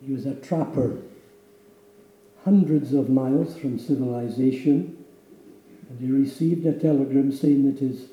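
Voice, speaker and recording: Male pastor, slow solemn sermon delivery, echoey sanctuary sound. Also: medium pitch, mellow. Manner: dramatic storytelling, slow and solemn. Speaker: preacher. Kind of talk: sermon illustration and prayer. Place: church sanctuary.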